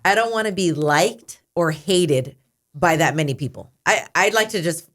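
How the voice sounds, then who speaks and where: A woman joining a casual podcast chat, relaxed and easygoing with light laughing asides. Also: fairly low pitch, moderate pace.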